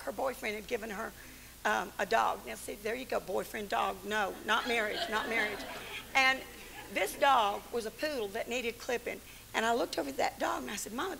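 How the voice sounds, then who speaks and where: Woman, middle-aged, Southern American accent, gravelly, bright, animated humorous sermon, faint hiss. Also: a little high, rough recording. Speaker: women's ministry speaker. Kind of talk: storytelling sermon. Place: church hall.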